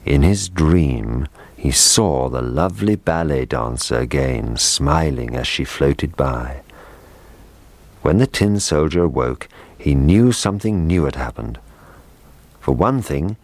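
A man reading a children's story aloud, slow, gentle and measured. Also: rumbling low, sing-song, no room sound.

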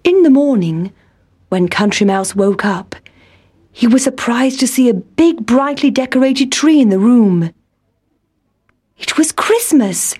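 A woman narrating a children's story in a gentle, unhurried way. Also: on the high side. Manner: slow, gentle storybook reading. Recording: music playing behind the voice.

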